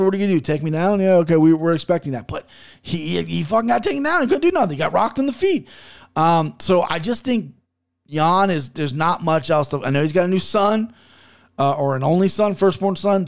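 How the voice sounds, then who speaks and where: A man hosting his own podcast, talking through his betting picks in a brash, profane, hyped-up way. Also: fairly high pitch. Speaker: podcast host giving fight betting picks. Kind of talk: casual solo podcast talk.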